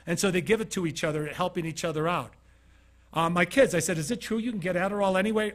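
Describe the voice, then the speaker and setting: A middle-aged man speaking as a keynote speaker in a studio, with a slightly high voice for a man. He tells stories from his own life and acts out each quoted line of dialogue. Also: a little fast, fairly bright tone. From Utah. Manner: storytelling, acting out quoted dialogue. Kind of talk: motivational talk.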